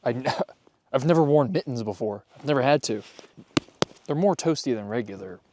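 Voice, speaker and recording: A man's voice: medium pitch, animated, normal speed, background noise. Goofy man vlogging outdoors. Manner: playful, goofy, talks to his dog. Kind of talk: casual vlog chat. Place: snowy yard outdoors.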